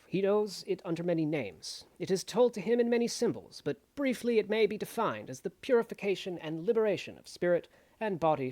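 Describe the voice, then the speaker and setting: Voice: medium pitch, a little mellow, pitched above the performer's own voice, close to an everyday voice. A reader putting on a grand transatlantic lecturer. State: losing voice. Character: solemn mid-century male esoteric lecturer. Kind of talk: lecture reading impression.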